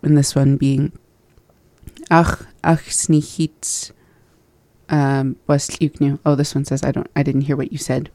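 A woman in a casual language lesson, practising phrases slowly and laughing at her own slips. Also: extremely low pitch, level tone, dark tone, dry recording. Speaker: language learner and co-host.

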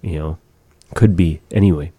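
Man w/ very low dark voice, explaining phrases slowly, lots of you know and like, dry room. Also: dry recording. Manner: explains patiently with many fillers. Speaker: language teacher. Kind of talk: casual language lesson chat.

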